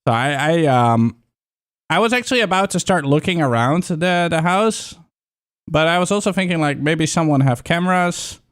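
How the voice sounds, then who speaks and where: A young man talks to his stream in a loose, rambling way, excitable and quick to swear. His voice sits a bit high for a man. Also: clear, resonant tone. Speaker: livestreamer. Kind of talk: casual livestream chat.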